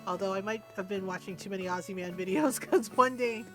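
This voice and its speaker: A woman streaming a game, chatting casually, animated and giggly, with a casual habit of swearing. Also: mid-range voice, quick pace, faint music behind.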